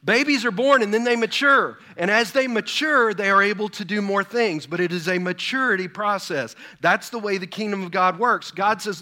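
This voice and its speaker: A man's voice: high-pitched, normal speed, hardly any pauses, pushed and bright. A pastor in his fifties preaching a sermon, full of rhetorical questions and personal stories. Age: 50s.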